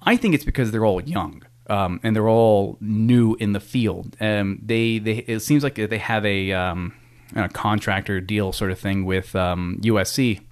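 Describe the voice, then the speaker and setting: Rambling man with a slightly low voice. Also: unhurried. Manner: rambling, with many restarts and casual swearing. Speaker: foster parent vlogger. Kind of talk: casual storytelling monologue.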